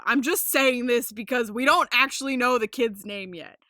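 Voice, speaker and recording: A young woman hosting a casual podcast, rambling with lots of fillers, swearing freely and getting excited. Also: a little high, moderate pace, dry recording, studio quality. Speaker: podcast host.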